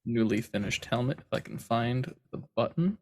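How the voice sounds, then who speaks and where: A man's voice: mid-range voice, lively intonation, normal speed. A man co-hosting a gaming podcast in casual chat, rambling through jokey stories. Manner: joking, rambling storyteller. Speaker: podcast co-host.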